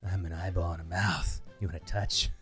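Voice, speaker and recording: A man voicing a flirty talking eyeball creature in a low, hushed, suggestive voice. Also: little pitch movement, a little fast, soft background music.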